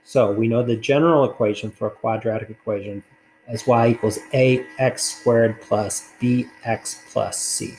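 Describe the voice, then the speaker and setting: A man's voice: medium pitch, steady tone, normal speed, a little mellow, soft background music, poor audio. A man teaching a recorded math lesson, talking casually through worked problems with fillers along the way.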